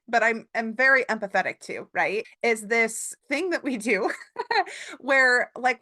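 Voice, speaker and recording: Bright-voiced woman podcast host. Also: medium pitch. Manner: thoughtful, searching questions. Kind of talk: casual podcast interview.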